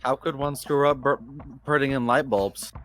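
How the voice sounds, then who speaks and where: A mid-pitched game player throws out dry, sardonic quips during a playful group game. The delivery stays flat and unbothered. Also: normal speed, a little hiss or hum, low-quality recording.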